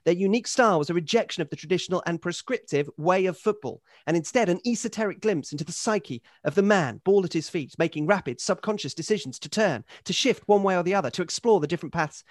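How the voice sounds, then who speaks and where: A man's voice: high-pitched, expressive, quick pace, hardly any pauses, no echo, clean studio sound. Wry man reading an email. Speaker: podcast host. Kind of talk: casual chat and reading a listener email.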